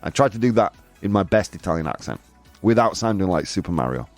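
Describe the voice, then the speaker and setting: Talking fast in a low, expressive voice, this man from the United Kingdom runs a relaxed live-stream chat, reading viewers' comments with sarcasm and chuckling at his own jokes. Soft music plays in the background, and an air conditioner hums in his room.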